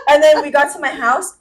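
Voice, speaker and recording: A woman in her twenties co-hosting a podcast, telling stories in an animated way with frequent laughter. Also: on the high side, background noise. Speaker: podcast co-host. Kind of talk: casual chat.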